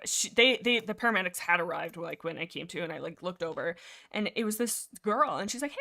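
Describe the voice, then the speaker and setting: A woman's voice: mid-range voice, brisk, pushed and bright. A young woman hosting a livestream in casual chat, rambling and easily sidetracked, often stopping to read out and answer chat messages. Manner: rambling, easily distracted, reads chat aloud. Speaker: livestream host.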